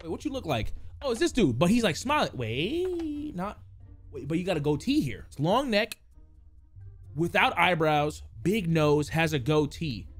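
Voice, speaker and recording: Young guy streaming a game, high voice all over the place, cusses a lot, talks to chat. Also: moderate pace. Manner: loud, excitable, swears a lot, talks to chat; reads game text aloud in a calmer voice. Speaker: gaming YouTuber. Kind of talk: casual gameplay commentary. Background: faint game music.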